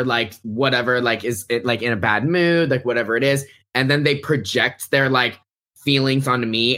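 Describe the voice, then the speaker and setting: A man's voice: medium pitch, sharp tone. A man guest on a podcast, giving firm opinions in casual talk with many "like" fillers. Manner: earnest opinionated venting with "like" fillers. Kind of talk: casual gossip chat.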